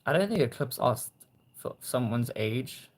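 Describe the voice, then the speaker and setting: A young man hosting a casual livestream, reading viewer comments and gently encouraging them. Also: medium pitch, animated, measured pace. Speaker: livestream host.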